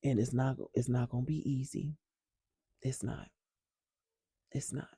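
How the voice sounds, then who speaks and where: A woman's voice: rumbling low, flat delivery, unhurried, mellow, slightly rough, dry recording, clean studio sound. A woman vlogging about healing and personal growth, speaking candidly and emphatically to her viewers and swearing freely. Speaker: wellness vlogger. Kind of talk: casual talk to camera.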